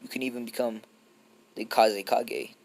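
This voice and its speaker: A man's voice: mid-range voice, steady tone, normal speed, vocal fry, natural voice. A man voicing a cheerful, friendly teenage boy ninja who talks in a chatty, encouraging way full of fillers.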